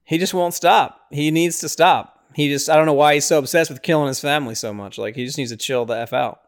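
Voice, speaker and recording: A young man hosting a podcast, casually recapping a horror film with lots of fillers and briefly acting out the characters' lines. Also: fairly quick. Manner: excitable, lots of fillers, acts out lines in high voices. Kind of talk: casual movie recap chat.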